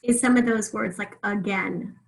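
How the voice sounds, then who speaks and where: A woman's voice: medium pitch, fairly even intonation, creaky, low-quality recording. Patient woman teaching phonics online. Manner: patient, stretches words out slowly to sound them. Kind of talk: remote phonics lesson.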